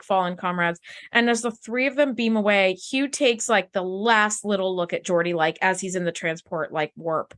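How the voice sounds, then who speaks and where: A woman's voice: mid-range voice, fairly bright tone. A woman co-hosting a podcast who gushes emotionally about a TV episode and peppers her speech with "like.". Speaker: podcast co-host. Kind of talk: casual chat about a TV episode.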